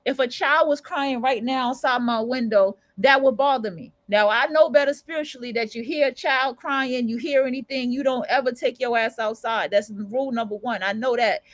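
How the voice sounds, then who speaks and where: A woman hosts a casual livestream and rants bluntly, swearing freely and hammering each point home. Her voice sits high. The sound is close and dry. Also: normal speed, few pauses, no room sound, poor audio. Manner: blunt, profane, emphatic ranting. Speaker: livestream radio host.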